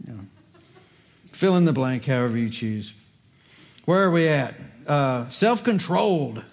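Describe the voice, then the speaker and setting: A man's voice: mid-range voice, lively intonation, measured pace, creaky. A man, a pastor, giving a conversational sermon with folksy asides and light humor.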